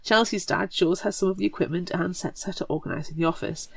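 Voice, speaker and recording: A woman's voice: lowish voice, fast talker, creaky, husky, no echo. A woman co-hosting a casual book podcast, chatty and enthusiastic as she summarizes a story. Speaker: podcast co-host.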